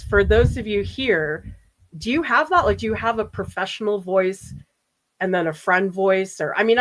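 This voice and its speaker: Chatty woman art professor, laughing often. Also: medium pitch. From US East Coast. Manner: chatty, laughs often, reads viewer comments aloud. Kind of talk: livestream painting demo, chatting with viewers.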